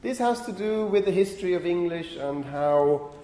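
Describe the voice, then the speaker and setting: A man lecturing university students on phonetics, lively and often putting questions to the class. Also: sits high, moderate pace. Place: lecture hall. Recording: echoey lecture hall.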